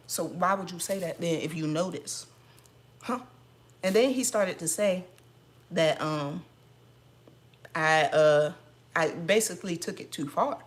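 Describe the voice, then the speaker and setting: Chatting casually at home, a mom vlogger with a low female voice tells a sassy, animated story. She laughs frequently throughout.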